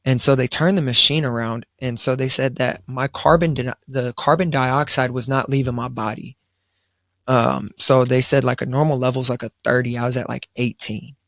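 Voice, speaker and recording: A man's voice: mid-range voice, steady tone, normal speed, fairly bright tone, no echo, clean studio sound. A young man, telling a long personal story in a casual podcast chat, quoting himself often between fillers. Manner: laid-back storytelling, quoting himself, frequent fillers and restarts. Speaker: podcast co-host. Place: studio around a table.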